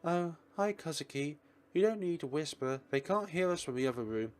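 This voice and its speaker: A man reading a visual novel aloud, voicing a calm, friendly young woman in a gentle, reassuring way. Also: a little high, a little fast, pitched above the performer's own voice, lightly acted.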